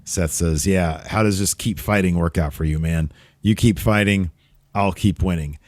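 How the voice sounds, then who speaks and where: A man's voice: deep voice, moderate pace, dry recording, studio quality. A man co-hosting a podcast, giving an opinionated casual recap of a wrestling show, often trailing off and restarting.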